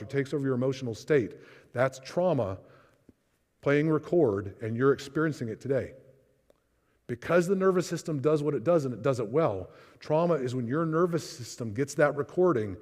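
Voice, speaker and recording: A man's voice: mid-range voice, a little mellow. Man teaching on trauma in a reverberant hall. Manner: conversational, plays out inner voices in quotes. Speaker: speaker on trauma. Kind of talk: church seminar talk. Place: church hall.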